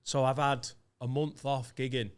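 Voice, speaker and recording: A middle-aged man, a guest comedian in a casual podcast chat, telling stories with plenty of swearing and quick asides. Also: medium pitch, flat delivery, clean tone.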